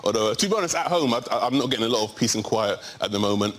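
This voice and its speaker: A young man from England doing a stand-up routine in a TV studio, talking with quick stammering restarts. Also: on the low side, lively intonation. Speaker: comedian guest. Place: TV studio with audience.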